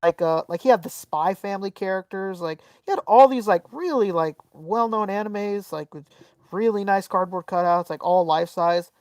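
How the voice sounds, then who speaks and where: A man co-hosting a podcast, telling a story in casual, animated chat full of swearing and fillers. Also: sits high, normal speed, dry recording, far from the mic. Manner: animated, profane, lots of fillers. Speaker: podcast co-host.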